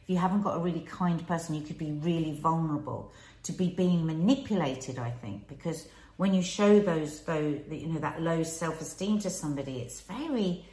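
A middle-aged woman talks in an earnest, advising way on a candid podcast. Her voice sits on the low side. The room around her is echoey. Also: a little fast, a little mellow. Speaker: podcast co-host. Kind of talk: candid conversational chat.

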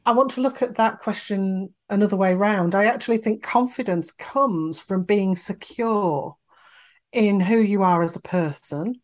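A woman, a voice coach speaking as a guest in a conversational podcast interview, expressive and explanatory. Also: medium pitch, measured pace. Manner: expressive, demonstrates vocal examples.

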